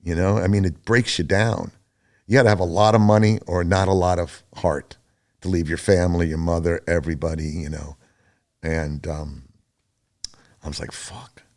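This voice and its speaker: A man's voice: low voice, moderate pace. An older man telling his story as a podcast guest, loose and chatty, with lots of fillers, restarts and acted-out voices of other people. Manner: animated, acts out other people's lines in a raised voice. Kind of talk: rambling storytelling in an interview.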